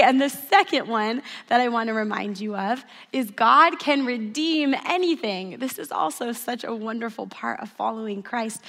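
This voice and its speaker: A woman in her thirties with a slightly high, somewhat bright voice speaks at a church service. Her sermon is earnest and full of stories, and she leads the audience in call-and-response, all under a long hall reverb.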